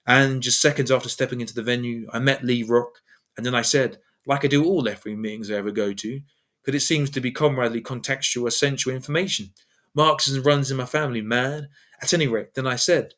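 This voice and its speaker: A man's voice: mid-range voice, a little fast, fairly bright tone. Wordy, digressive man. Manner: wordy, digressive, formal phrasing. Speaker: channel host. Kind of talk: spoken political essay.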